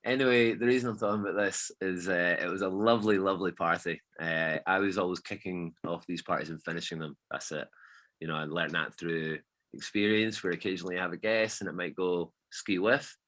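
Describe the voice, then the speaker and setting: A man, a DJ guest telling stories in a casual, animated chat and swearing freely. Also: sits low, brisk.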